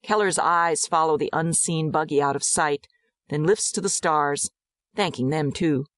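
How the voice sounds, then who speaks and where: Low-voiced woman narrating a drama. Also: no room sound, clean studio sound. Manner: measured, descriptive. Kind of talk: scripted audiobook narration.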